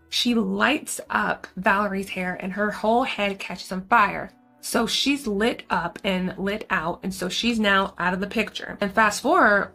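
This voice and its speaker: A woman's voice: medium pitch, a bit bright. A young woman casually recapping a horror film, chatty and slangy, full of asides. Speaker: movie reviewer.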